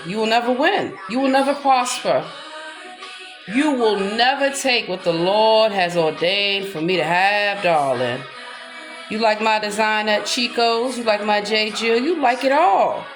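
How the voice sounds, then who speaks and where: A woman with a Black way of speaking, preaching in a defiant, confrontational monologue aimed at her accusers. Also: a little high. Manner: breaks into gospel-style singing. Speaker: self-styled preacher. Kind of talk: impassioned monologue. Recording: roomy echo with music behind.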